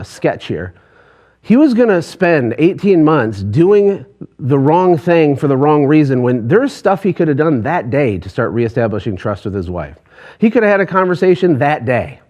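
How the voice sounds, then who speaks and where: A man's voice: fairly high pitch, a little mellow, muffled recording. A man, a business coach, giving a passionate motivational talk to an online audience, pushing hard with rhetorical questions.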